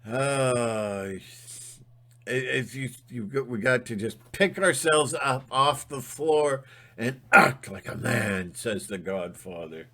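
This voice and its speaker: Slow, bright-voiced man on a rant. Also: mid-range voice, expressive. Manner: emphatic, fired-up, sometimes shouting. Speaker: channel host. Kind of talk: ranting monologue.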